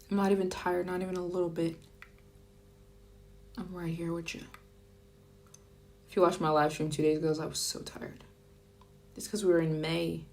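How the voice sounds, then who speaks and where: A woman chatting casually on a live stream, upbeat and playful with quick asides. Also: lowish voice. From United States. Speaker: travel vlogger. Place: France.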